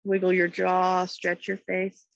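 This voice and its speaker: A woman with a stuffy, congested voice, calmly giving slow step-by-step yoga and massage cues on a nearby mic. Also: lowish voice, gravelly, no room sound, muffled recording. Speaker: yoga instructor. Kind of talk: guided yoga instruction. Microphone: external mic nearby.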